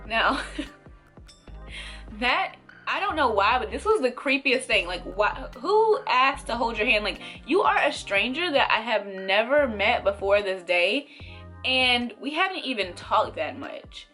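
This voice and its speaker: A young woman vlogger telling a storytime to camera in a casual, animated way, acting out the voices of the people in it. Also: on the high side, slow, soft background music. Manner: animated, acts out quoted voices, laughs between lines. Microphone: camera mic.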